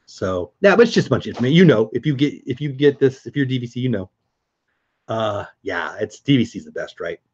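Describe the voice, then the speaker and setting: A man's voice: mid-range voice, animated, brisk, breathy edge, muffled recording. A middle-aged man hosting a casual live stream, chatting upbeat with viewers and answering their comments.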